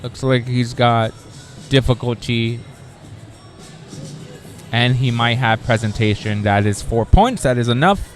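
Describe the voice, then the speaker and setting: A man's voice: mid-range voice, a little slow, long pauses, soft background music. A man doing live commentary on a competition, playful, laughing often and calling results with announcer energy.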